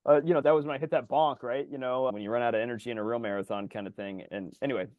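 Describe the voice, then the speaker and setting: A man co-hosting a podcast in casual chat, rambling and animated, his voice jumping high when he gets excited. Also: rapid-fire, no room sound, phone-quality sound. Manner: rambling, animated storyteller full of fillers. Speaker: podcast co-host.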